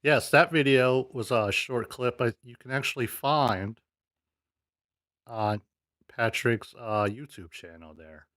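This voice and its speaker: A man with an ordinary mid-range voice hosts, talking casually between clips. He is hesitant and laid-back, filling pauses with uhs and ums, recorded dry and close. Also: medium pitch, a bit bright, no room sound. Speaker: show host reviewing clips. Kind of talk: casual commentary.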